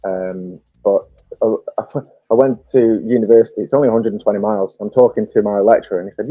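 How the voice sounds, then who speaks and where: A man's voice: on the low side, fairly even intonation, a little fast, dry recording. A man with a Stoke-on-Trent English accent, chatting casually and telling anecdotes with frequent laughs. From England. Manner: chatty storyteller, laughs often. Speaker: podcast guest. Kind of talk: casual chat. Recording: dull lo-fi dry mic with faint music.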